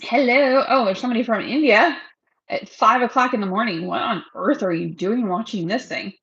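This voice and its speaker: A woman's voice: fairly high pitch, normal speed, gravelly, fairly bright tone, slightly rough, no echo, lo-fi sound. A woman chatting casually on a livestream, rambling from one thing to the next and laughing often. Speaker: realtor hosting a livestream.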